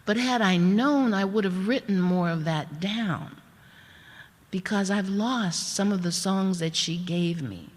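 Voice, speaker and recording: A woman tells a story on stage in a slow, unhurried way. She leaves room between her phrases and turns to the audience with spoken asides. Her voice carries the long echo of a large hall. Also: medium pitch. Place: performance hall. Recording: reverberant hall.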